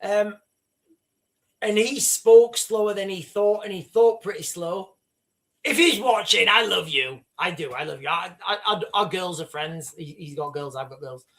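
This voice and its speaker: A northern English man hosting a livestream, giving fast, rambling political commentary with many restarts. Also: sits high, a bit bright. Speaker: livestream host.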